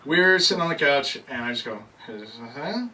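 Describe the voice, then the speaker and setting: Animated young guy telling a stand-up story. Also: on the high side, quick pace. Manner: animated storytelling, laughing at his own jokes. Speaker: stand-up comedian. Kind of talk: stand-up comedy set. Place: bar comedy night. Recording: distant mic with loud noise and crowd.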